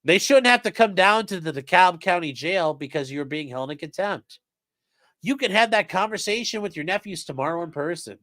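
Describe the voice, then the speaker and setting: A man's voice: sits high, normal speed, no room sound, studio quality. A man with a casual, profane manner, reading a court transcript aloud on a live stream and commenting on it. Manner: profane, animated, reads quotes in shifting voices.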